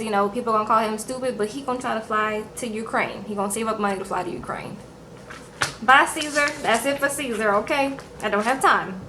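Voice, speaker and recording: A young woman recapping reality TV episodes in a sassy, animated vlog chat, acting out people's lines. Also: on the high side, slight background noise, poor audio. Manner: sassy, animated, acts out quotes in put-on voices.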